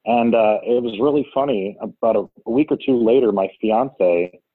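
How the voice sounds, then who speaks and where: Heard on a tinny call line, a Cleveland, Ohio man in his thirties recounts his experience co-founding a business in a casual interview. He's chatty and filler-heavy, restarts often, and speaks at normal speed in a lowish voice with no room sound.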